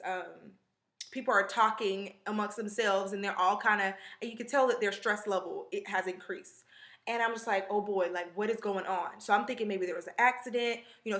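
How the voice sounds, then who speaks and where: Chatty young woman, bright echoey sound. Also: on the high side. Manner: chatty, rambling, animated retelling with many fillers. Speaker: vlogger. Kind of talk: casual storytelling to camera. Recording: echoey room.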